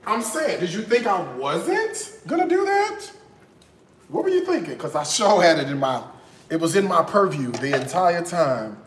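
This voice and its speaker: A man's voice: high-pitched, sing-song, moderate pace, a bit bright, roomy sound, a little hiss or hum. A man from Chicago, chatting playfully to viewers as he cooks in his kitchen. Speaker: home cooking vlogger. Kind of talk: casual cooking vlog chat.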